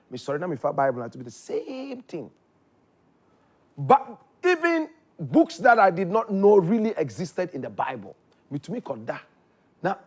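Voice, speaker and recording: A man with a Ghanaian accent telling his story in casual chat, animated, his voice jumping up when excited. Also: on the high side, breathy edge. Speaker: guest.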